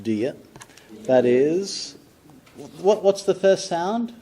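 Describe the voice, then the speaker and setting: A man's voice: high-pitched, sing-song, slow, dark tone. A man teaching an English pronunciation lesson, patiently breaking phrases into single sounds and quizzing the viewer.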